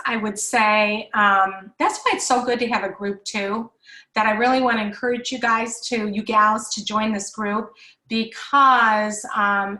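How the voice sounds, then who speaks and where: A woman in her forties with a fairly high, bright voice leads a live parenting workshop. She answers questions in a chatty, reassuring way, full of ums and restarts, and the room around her sounds echoey.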